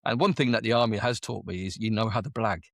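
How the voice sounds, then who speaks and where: A man's voice: on the low side, fast talker, gravelly, a bit bright, no room sound, studio quality. A man in his forties from the United Kingdom, an army veteran telling his story in a casual interview, chatty and full of quoted dialogue. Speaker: army veteran and business owner.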